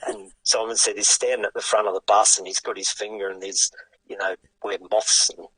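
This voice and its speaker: An older man with an Australian accent, a guest telling a story in a lively, casual way and swearing freely. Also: lowish voice, brisk, slightly rough, no echo, poor audio. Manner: animated yarn-spinning with casual swearing. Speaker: guest, retired sidecarcross racer.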